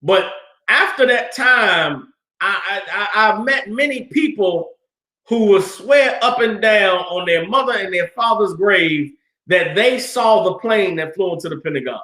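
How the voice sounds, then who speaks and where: A man's voice: sits high, unhurried. A man in his thirties from the Washington, D.C. area, telling stories casually and animatedly as a class speaker. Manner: animated, colloquial, acts out quoted dialogue. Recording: roomy echo.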